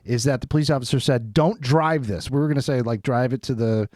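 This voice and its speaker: A man co-hosting a casual podcast chat, telling a story in an animated way and acting out what people said in a raised voice. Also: mid-range voice, fairly quick, no room sound, clean studio sound. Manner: animated, acts out quotes in a raised voice. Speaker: podcast co-host. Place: studio.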